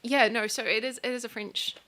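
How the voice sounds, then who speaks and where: A woman's voice: fairly high pitch, steady tone, fairly quick, a bit bright. A woman guest in casual radio chat, talking with lots of fillers and laughs. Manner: chatty, laughs often, trailing fillers.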